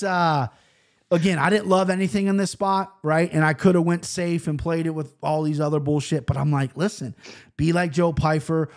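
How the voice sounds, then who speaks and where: A man hosts a casual podcast and runs through his picks. He talks in a loose, joking way and swears freely. His voice sits a little higher than most men's. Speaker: podcast host. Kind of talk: casual podcast chat about fight picks.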